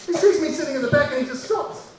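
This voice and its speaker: A man with a New Zealand accent tells a funny story on stage, acting out each character as he goes. His voice sits high and bounces around a very echoey room. He is picked up from a distance, with faint noise behind him. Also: fast. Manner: animated, acts out voices of people in his story. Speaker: comedian. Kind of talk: stand-up storytelling.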